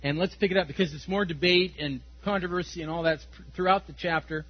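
A man preaching a Sunday sermon, reading scripture and speaking with animated emphasis, often chuckling, then dropping to quiet, earnest tones. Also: a little high, quick pace, dull audio. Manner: animated, laughs often, swings between loud emphasis and quiet intensity. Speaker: pastor.

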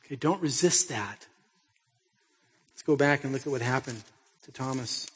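Husky-voiced male pastor preaching. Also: mid-range voice, moderate pace, big-room sound. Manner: conversational storytelling with pointed rhetorical questions. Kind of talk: sermon.

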